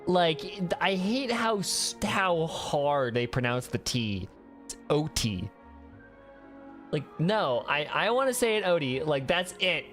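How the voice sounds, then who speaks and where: Streamer, Midwest mountain American accent, chatty gameplay commentary, lively swooping pitch, game music faint behind. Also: slow pace. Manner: animated, rambling, many restarts.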